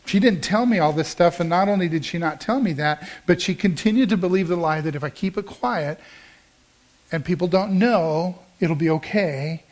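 Male pastor, middle-aged, high voice, conversational storytelling sermon. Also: normal speed. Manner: storytelling, conversational with emphatic rises.

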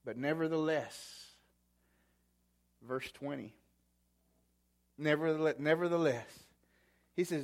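A man preaching a sermon, slow and deliberate, with a somewhat high voice. He repeats key words and lets long pauses hang. His volume swings from loud to hushed. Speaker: pastor.

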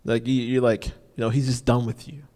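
A man's voice: mid-range voice, level tone, brisk, darkish tone. A man preaching an informal sermon, repeating key phrases for emphasis and often saying "you know". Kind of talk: conversational sermon. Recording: long reverb of a large hall.

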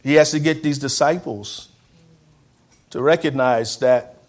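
A man preaching a sermon in a church, repeating phrases and calling on the congregation to respond, swinging from loud outbursts to hushed words. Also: mid-range voice, measured pace.

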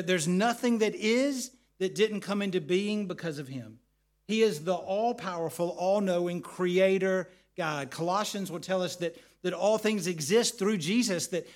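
A middle-aged man preaching earnestly, often repeating words as he explains. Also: high-pitched. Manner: earnest, repeats words, tells family stories. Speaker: pastor. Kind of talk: sermon.

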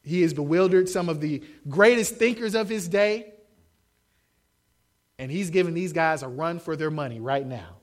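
A young man preaching a sermon, animated, acting out the quotes he shouts. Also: on the high side, normal speed. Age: young adult. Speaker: pastor.

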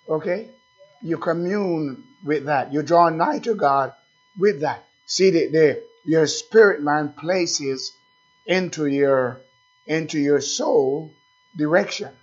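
A man preaching a sermon as pastor, speaking slowly and asking the congregation questions again and again. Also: a little high, slightly rough, muffled recording.

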